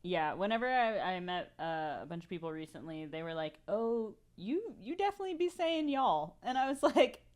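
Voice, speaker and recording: A woman's voice: mid-range voice, very animated, normal speed, few pauses, a little mellow. Giggly Texan woman podcast host. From Texas. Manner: giggly, laughs often. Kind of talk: casual chat.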